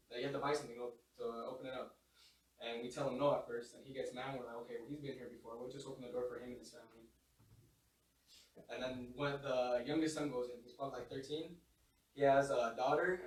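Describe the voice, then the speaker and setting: A young man casually telling work stories on a podcast, swearing often and laughing as he goes. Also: mid-range voice. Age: young adult. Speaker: podcast guest. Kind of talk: casual storytelling chat. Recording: echoey room, mic far off.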